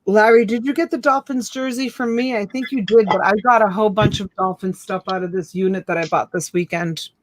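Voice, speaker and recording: A woman's voice: mid-range voice, fairly even intonation, a little fast, hardly any pauses, a little hiss or hum. A woman hosting a live online reselling auction, chatting casually and greeting viewers by name with endearments like honey and sweetheart. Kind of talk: casual live-stream selling banter. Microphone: USB desk mic.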